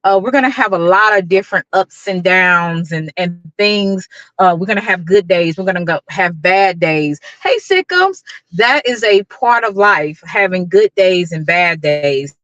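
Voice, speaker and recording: A woman's voice: fairly low pitch, expressive, measured pace, a bit bright, no echo, dull audio. A middle-aged woman hosting a casual livestream, greeting viewers by name and talking with lots of fillers. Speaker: YouTube livestream host.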